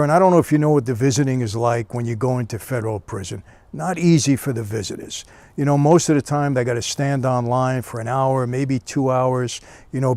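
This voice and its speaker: A man recounts a personal story in a relaxed, conversational manner, sprinkling in "you know" as he goes. His voice sits in an ordinary middle pitch. The recording is dry and close, with no room sound. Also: no echo. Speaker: storyteller recounting prison years. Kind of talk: casual spoken storytelling.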